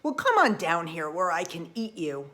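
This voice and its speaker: A woman's voice: on the low side, big pitch swings, moderate pace, fairly bright tone. A woman voicing a menacing male snapping turtle who bullies and threatens.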